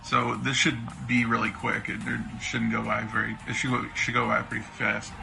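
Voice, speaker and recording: A man's voice: medium pitch, little pitch movement, moderate pace, vocal fry, poor audio. A man co-hosting a casual live stream, giving opinions in a rambling, filler-heavy way. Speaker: co-host presenting a cast reveal. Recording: loud music behind the voice.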